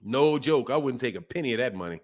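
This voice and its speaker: A man's voice: medium pitch, lively intonation, fast talker. A man hosting a boxing talk stream, speaking bluntly and casually, repeating points for emphasis and reading from a live chat. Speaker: boxing channel host. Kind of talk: casual livestream commentary.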